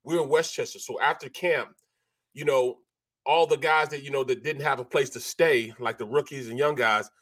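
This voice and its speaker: A man co-hosting a sports talk show, a former player telling animated stories and imitating sounds. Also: medium pitch, moderate pace. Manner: animated, repeats "bro" and "man", mimics sounds. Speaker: co-host, former football player. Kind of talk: casual sports talk storytelling.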